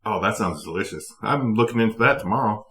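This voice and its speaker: A man's voice: lowish voice, lively intonation, fast talker, crowd noise. A man co-hosting a podcast, trading teasing, agreeable banter in casual chat. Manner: teasing, agreeable banter, lots of short replies. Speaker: podcast co-host.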